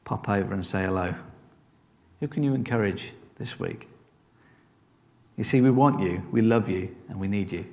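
A man preaches at normal speed in a lowish voice that is creaky and warm, ringing through a church hall's long reverb. His sermon is easygoing and conversational, with constant encouragement and rhetorical questions.

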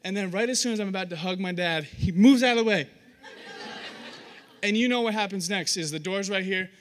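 A man's voice: high voice, a little fast. A young man preaching a sermon, telling stories with acted-out voices and poking fun at himself. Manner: animated, self-deprecating storytelling with acted-out voices.

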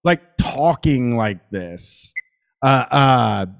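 A man's voice: mid-range voice, lively intonation, very slow, gravelly. Rambling, swearing podcaster man. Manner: rambling, swears freely, many fillers. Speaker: podcaster, guest. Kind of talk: casual chat.

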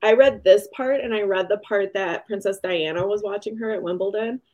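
A woman's voice: medium pitch, fairly quick, a little mellow, lo-fi sound. A woman co-hosting a book review podcast, chatting casually, laughing often and acting out quotes. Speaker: podcast co-host.

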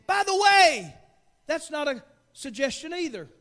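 A man preaching from the pulpit in a very high, bright, forceful voice. He moves between hushed, folksy jokes and shouted bursts of fervor. It is a lively, heartfelt church sermon. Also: unhurried. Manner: fervent preaching that swings from quiet asides to shouted peaks; joking, folksy asides. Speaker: pastor.

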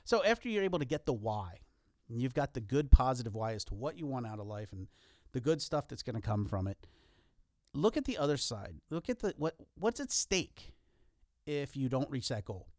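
Male podcast co-host, earnest and joking, very expressive pitch, dry studio sound. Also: normal speed, dry recording. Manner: earnest, lively, self-deprecating jokes. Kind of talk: casual motivational podcast talk.

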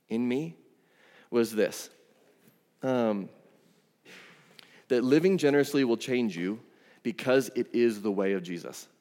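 A man's voice: medium pitch, darkish tone, long reverb tail. A man preaching a sermon as pastor, conversational and emphatic, with casual asides. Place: church sanctuary.

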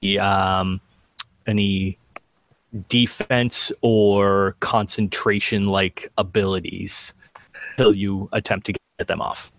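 A man with a lowish voice runs a tabletop game as its game master. He narrates in a halting way, full of fillers. The sound is dry and close. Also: level tone, fairly bright tone, no echo.

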